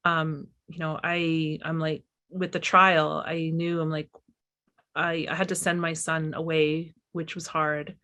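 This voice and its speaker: Middle-aged woman, filmmaker guest, lowish voice, candid, halting and reflective. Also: little pitch movement, sharp tone. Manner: candid, halting, with many restarts and fillers. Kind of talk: reflective conversation.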